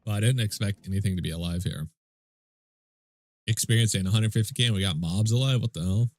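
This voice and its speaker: A man's voice: fairly low pitch, fast talker, a little mellow, slight background noise. A man with a stuffy nose, casually commentating his game stream and chatting with viewers in a laid-back, swearing way.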